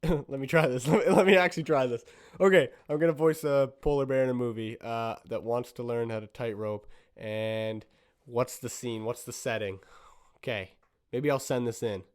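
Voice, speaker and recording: A man's voice: mid-range voice, steady tone, normal speed. A man hosting a solo podcast, thinking aloud in a giggly, self-conscious way as he tries out voices. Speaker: podcast host.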